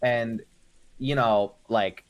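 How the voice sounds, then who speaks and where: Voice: mid-range voice, fairly even intonation, very slow, a crowd in the background. A voice actor explaining things in a rambling casual chat, full of fillers. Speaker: voice actor reading a visual novel.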